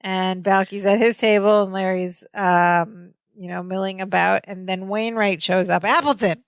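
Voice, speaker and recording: A woman co-hosts a casual podcast and retells a sitcom episode, acting out the characters' lines. Her voice sits at a mid pitch. The recording is dry and close. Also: fairly even intonation, unhurried, smooth, no echo. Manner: narrates plot, acts out characters' lines. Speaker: podcast co-host. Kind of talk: casual chat recapping a sitcom.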